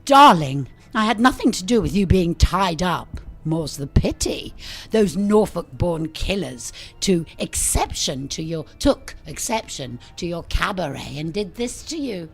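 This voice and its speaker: A woman's voice: lowish voice, big pitch swings, breathy edge, soft background music, full character voice. An actress playing a flamboyant, flirtatious vamp mother in a radio comedy. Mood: haughty. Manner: theatrical, flirtatious, drawn-out.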